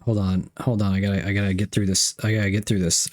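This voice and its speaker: A man's voice: on the low side, level tone, fast. A young man streaming live, reading chat messages aloud and unboxing gifts, playful and repeating himself.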